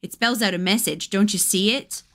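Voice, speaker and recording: A woman's voice: mid-range voice, moderate pace, fairly bright tone, natural voice. A woman voicing a blunt, mercenary adult male ghost hunter while reading a gamebook aloud. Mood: insistent.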